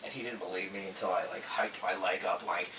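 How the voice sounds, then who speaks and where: Animated storytelling man, echoey room. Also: sits low, fast talker, crowd noise. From Florida. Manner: animated, acts out quotes loudly. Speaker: podcast host, tool truck dealer. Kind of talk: casual storytelling chat. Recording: echoey room, distant mic, faint hiss.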